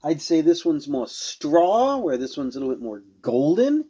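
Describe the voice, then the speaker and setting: A man's voice: on the high side, very animated, normal speed, dark tone. A man casually reviewing and tasting beers on a show he hosts, rambling and searching for words as he goes. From Rhode Island. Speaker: beer reviewer.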